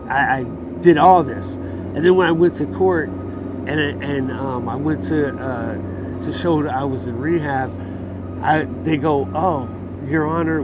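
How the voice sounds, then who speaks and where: Guy ranting about his case outside, kinda high voice, swears a lot, street noise behind. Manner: heated, profane storytelling, acting out quotes. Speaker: interviewee. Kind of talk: casual street interview. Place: outdoors in a city.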